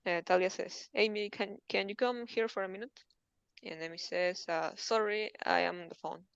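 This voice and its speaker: A woman's voice: medium pitch, fairly even intonation, moderate pace, creaky, a bit bright, smooth, no room sound, muffled recording. A woman student reading textbook passages aloud in an English lesson, carefully and with hesitant fillers.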